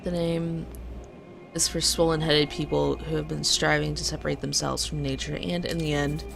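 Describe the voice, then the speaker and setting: A woman voicing an ancient forest spirit in a game, speaking in an even, solemn, reproachful way. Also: sits low, moderate pace, gravelly, music in the background. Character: ancient genderless forest spirit, calm and ominous.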